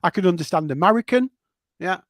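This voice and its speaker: A man co-hosting a casual podcast, throwing in jokey remarks and quick interjections. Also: sits high, animated, no room sound, clean studio sound. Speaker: podcast co-host. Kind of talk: casual political chat.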